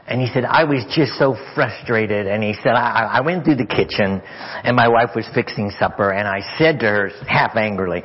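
A man preaching as a guest speaker, telling a story with stammered repeats and sometimes sinking to a hushed whisper. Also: fairly low pitch, normal speed, husky. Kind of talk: sermon storytelling. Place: church sanctuary. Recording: dull lo-fi church audio.

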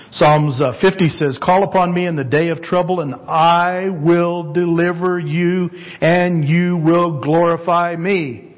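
Man, sermon, earnest, repeats himself, unhurried delivery, muffled recording. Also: on the high side. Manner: earnest, repeats phrases, asks the congregation for amens. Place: church sanctuary.

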